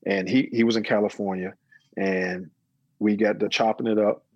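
A middle-aged man, an interview guest and business owner, talking casually and telling his story with lively quoted dialogue. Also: lowish voice, normal speed, dry recording, highs cut off. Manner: storytelling, animated when quoting others.

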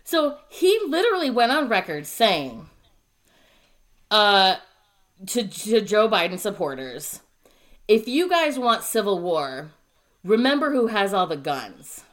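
A woman's voice: medium pitch, slow. A woman co-hosting a casual podcast, ranting with heavy swearing and bursts of laughter. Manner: profane, animated ranting. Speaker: podcast co-host.

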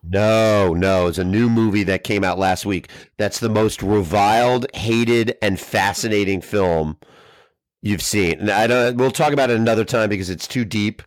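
Podcast co-host man: slightly low pitch, dry close sound, blunt and wry, keeps the talk moving. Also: moderate pace, no room sound. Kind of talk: casual banter.

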